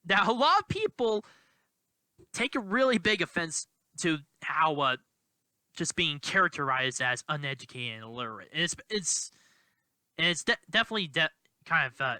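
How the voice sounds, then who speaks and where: A man giving political commentary in a vlog, halting and indignant, with many restarts. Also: fairly high pitch, big pitch swings, pushed and bright, dry recording. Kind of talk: commentary vlog, reading quotes aloud.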